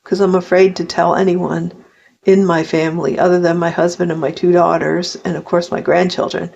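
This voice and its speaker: Older woman, gravelly, confessional vlog talk that wanders and restarts, lo-fi sound. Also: fairly low pitch, level tone, normal speed, darkish tone. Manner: rambling, heartfelt, with frequent restarts. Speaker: vlogger. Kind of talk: personal confessional monologue. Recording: dull lo-fi recording.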